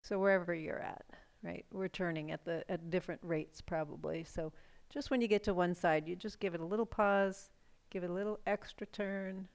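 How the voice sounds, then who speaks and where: A middle-aged woman guides a chair yoga class in a calm, gentle way, mixing slow cues for breath and stretches with easy, chatty asides. Her voice sits a little low. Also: vocal fry. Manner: calm, gentle cueing with casual asides and yawns.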